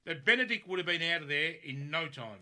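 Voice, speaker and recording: Man, wry co-host, high pitch, bright tone. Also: animated, a little fast. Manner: wry, teasing. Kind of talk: casual live show banter.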